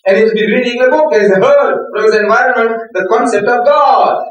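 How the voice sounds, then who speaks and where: A man's voice: extremely high pitch, fairly quick, a bit bright. An older man giving a religious lecture to students, telling stories animatedly, breaking into laughter and acting out quotes. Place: lecture hall. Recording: echoey hall from far off.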